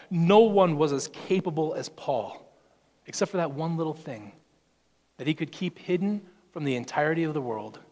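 A man's voice: fairly high pitch, darkish tone. A man preaching a sermon, reading scripture aloud and explaining it, sometimes speaking in Paul's voice. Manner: expository preaching, quoting scripture and acting out Paul's voice. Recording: long reverb in a large hall.

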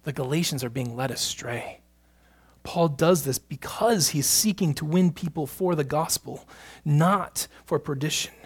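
A man preaching a sermon as pastor, moving between hushed, slow stretches and loud, emphatic bursts. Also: a little high, breathy edge.

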